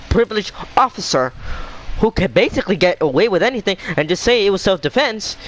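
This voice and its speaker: Young man, high voice, furious swearing rant, faint hiss behind. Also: fairly bright tone, rough recording. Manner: heated, swearing, repetitive. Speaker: vlogger. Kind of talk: angry rant to camera.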